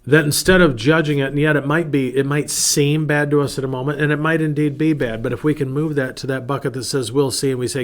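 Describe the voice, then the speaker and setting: A man's voice: mid-range voice, brisk. A man, a pastor hosting his own show, giving an earnest, conversational devotional talk with many restarts, acting out prayers and quotes. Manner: acts out prayers and quotes in a shifting voice. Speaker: pastor and podcast host.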